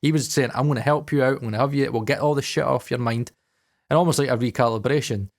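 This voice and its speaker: A man's voice: medium pitch, fast. Sweary man telling a story. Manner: swears a lot and acts out quoted dialogue. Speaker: podcast co-host. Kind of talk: casual chat.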